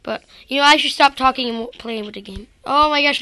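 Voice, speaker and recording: A woman's voice: high-pitched, brisk, sharp tone, dry recording. A woman giving rambling, self-deprecating gameplay commentary straight to her viewers. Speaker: gaming video creator.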